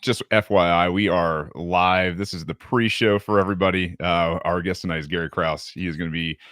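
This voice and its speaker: A man's voice: deep voice, steady tone, fairly quick, a bit bright, no room sound, clean studio sound. A man hosting a live podcast, chatting casually and rambling with many fillers and restarts. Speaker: podcast host. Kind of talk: casual live-stream chat.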